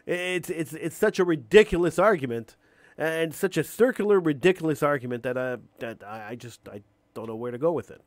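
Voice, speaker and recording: A man's voice: fairly high pitch, brisk, no room sound. A man hosting a call-in show, delivering an opinionated monologue with emphatic restarts and repeated words.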